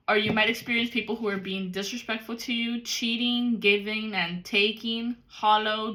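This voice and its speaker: Brief: woman, tarot reader, crisp and forceful tone, cusses freely, talks right at the viewer. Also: mid-range voice. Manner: blunt and profane. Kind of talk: casual spiritual card reading.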